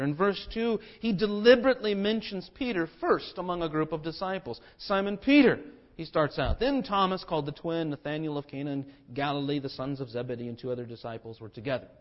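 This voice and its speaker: A pastor preaching a sermon, shifting between hushed passages and forceful declarations. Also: male voice, a little high, animated, brisk. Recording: dull lo-fi sermon recording.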